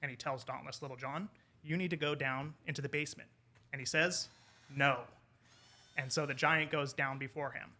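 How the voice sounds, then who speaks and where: A man, an English professor, telling a folk tale in casual conversation over wine, animated and quoting the characters. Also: on the high side, normal speed. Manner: animated retelling with quoted character lines. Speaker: podcast guest, English professor.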